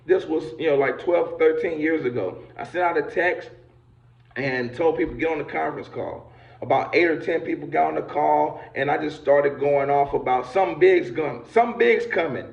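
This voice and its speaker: A man giving a fiery motivational speech on a video call, building to shouts with preacher-like fervor. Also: a little high, moderate pace, vocal fry. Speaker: motivational speaker. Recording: echoey, dull lo-fi video call audio.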